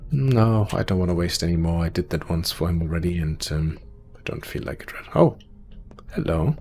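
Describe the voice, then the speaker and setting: Low creaky-voiced guy doing a let's play, reads all the game lines out slow and dramatic. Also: lively intonation, mellow, faint music behind. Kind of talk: reading game dialogue aloud with commentary.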